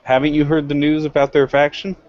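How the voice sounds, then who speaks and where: A man's voice: fairly high pitch, flat delivery, a little fast. A man co-hosting a casual wrestling podcast, arguing his point with some swearing. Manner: argumentative, swearing. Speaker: podcast co-host. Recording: dull lo-fi audio.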